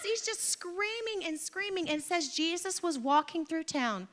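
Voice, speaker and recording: Bright, high-voiced woman preaching a sermon. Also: a little slow, hardly any pauses, slight background noise. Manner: animated storytelling with acted-out quotes; humorous, exaggerated asides. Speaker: pastor. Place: church.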